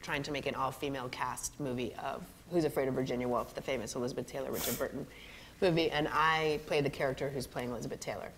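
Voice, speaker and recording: An animated middle-aged woman, a guest actor telling stories on a college stage, laughing often. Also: very deep voice, quick pace, a little hiss or hum. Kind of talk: storytelling on a college stage interview.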